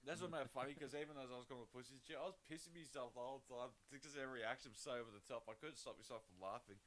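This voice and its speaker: A man's voice: medium pitch, very fast, fairly bright tone, rough recording. A man from Western Sydney with an Australian accent, telling crude, rambling stories while livestreaming a game. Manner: profane, rambling, laughing anecdotes. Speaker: gaming livestreamer. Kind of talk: casual storytelling on a livestream.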